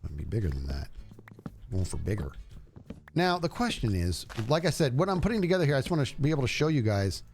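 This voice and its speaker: A man's voice: mid-range voice, fast. Guy streaming a game, bouncy up and down voice, goofy chatter, bit of music behind. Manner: animated, jokey, talks to himself while playing. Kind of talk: casual gameplay commentary.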